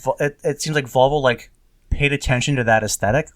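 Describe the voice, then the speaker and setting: Dry-voiced relaxed male podcast co-host. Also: mid-range voice, a little fast, dry recording. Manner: relaxed, laughing, casual swearing. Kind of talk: casual chat.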